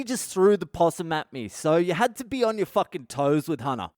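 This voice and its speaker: Australian male podcast host, crude and animated storyteller, higher-pitched and smooth. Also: normal speed, few pauses, no echo, studio quality. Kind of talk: storytelling monologue.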